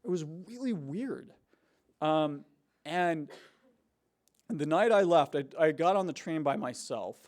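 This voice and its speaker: A man telling stories to university students in a casual, animated way, with many fillers and restarts. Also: on the high side, slow pace, pauses often. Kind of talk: casual storytelling talk. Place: university hall before a student audience.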